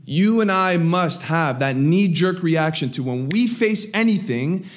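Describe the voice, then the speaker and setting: A man preaching a sermon, swinging between raised, emphatic lines and low, quiet asides. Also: lively intonation, a little slow. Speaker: pastor.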